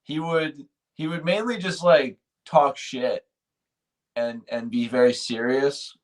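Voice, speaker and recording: A man co-hosting a podcast, telling stories in a casual, animated way with hesitant restarts. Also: medium pitch, slow. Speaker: podcast co-host. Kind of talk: casual chat.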